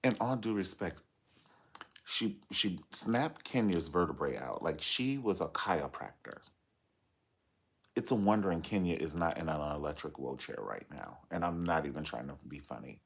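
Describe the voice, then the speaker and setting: A man's voice: rumbling low, animated, moderate pace, vocal fry, slightly rough. A man giving sassy, dramatic commentary on reality TV gossip, telling the story with playful asides.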